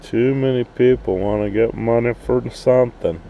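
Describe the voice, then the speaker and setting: Gravelly, dark-voiced man ranting slowly. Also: on the low side, slight background noise. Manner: profane, blunt, rambling. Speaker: RV vlogger. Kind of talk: casual rant to camera. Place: outdoors at night at an RV park.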